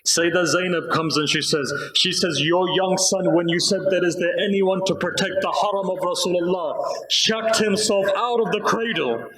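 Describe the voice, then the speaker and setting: Male preacher, high-pitched, slow grieving storyteller, recorded in a reverberant mosque hall. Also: a bit bright, slight background noise. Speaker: Muharram speaker at a mosque. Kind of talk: mournful sermon narration.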